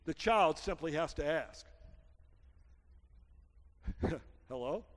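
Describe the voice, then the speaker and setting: A man preaching a sermon as pastor, telling a story and rising to shouted peaks. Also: a little high, expressive, slow. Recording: church hall reverb.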